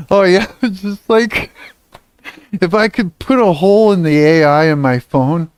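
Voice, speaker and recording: A man's voice: sits high, measured pace, smooth, no echo. A man in his thirties from Canada, chatting casually on a livestream, rambling and swearing, trailing off and laughing often.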